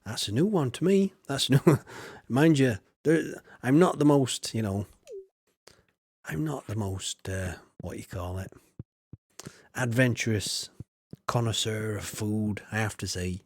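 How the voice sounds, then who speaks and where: A man's voice: on the low side, a little slow, long pauses, darkish tone, no echo, studio quality. A man chatting casually while streaming a farming game, rambling and mocking himself. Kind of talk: casual gameplay chat.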